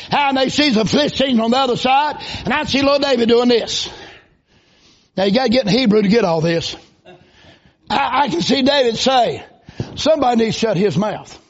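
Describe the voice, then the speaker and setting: High-voiced preacher, folksy and fiery. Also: male voice. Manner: folksy, rising into shouted bursts. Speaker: visiting preacher. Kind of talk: revival sermon. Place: church. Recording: dull lo-fi recording.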